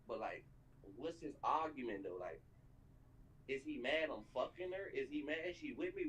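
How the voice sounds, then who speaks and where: A young man ranting on a livestream, mocking and heated, repeating "bro" over and over and climbing into near-shouted outbursts. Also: medium pitch, expressive, moderate pace. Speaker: streamer reacting to a video. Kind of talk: ranting live commentary.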